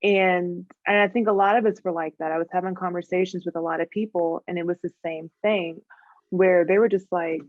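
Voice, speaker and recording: A woman host with a lowish voice muses in a relaxed, reflective way while chatting. The sound is dry, close and somewhat muffled. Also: fairly quick, no echo. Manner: reflective, relaxed, speaks with fillers and musing. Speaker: podcast host. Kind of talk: casual conversational interview.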